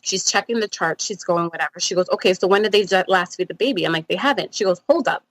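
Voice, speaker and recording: A woman's voice: fairly low pitch, fast talker, no echo. Chatty woman telling a story, dry sound. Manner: rambling storytelling with many fillers. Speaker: podcast guest. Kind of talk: casual conversation.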